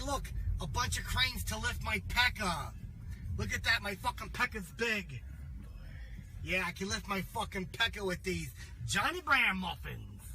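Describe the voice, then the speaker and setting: A man putting on the voice of a crude, vulgar loudmouth who rambles and yells at strangers. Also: high voice, slight background noise, exaggerated voice. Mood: leering. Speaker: podcast co-host.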